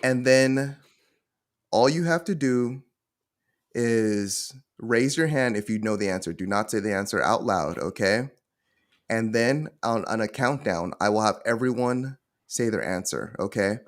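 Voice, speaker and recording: Male podcast host, somewhat low voice, patient explainer who keeps checking in. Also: a little slow. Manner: explains rules step by step, checks in with "okay?". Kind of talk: casual gaming podcast chat.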